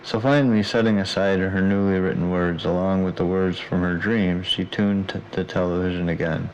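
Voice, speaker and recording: A man reading his own audiobook aloud in a steady, even way. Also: low voice, normal speed, muffled recording, slight background noise. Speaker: audiobook narrator. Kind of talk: audiobook narration.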